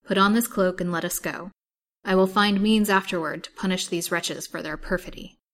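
A woman's voice: lowish voice, fairly even intonation, moderate pace, a bit bright, natural voice. A woman voicing a brusque, scheming male physician in a storybook reading, commanding and impatient. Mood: courteous.

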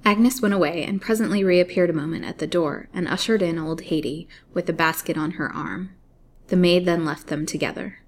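Woman reading a story aloud, low voice with some fry, steady pace. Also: moderate pace. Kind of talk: reading a serialized novel aloud.

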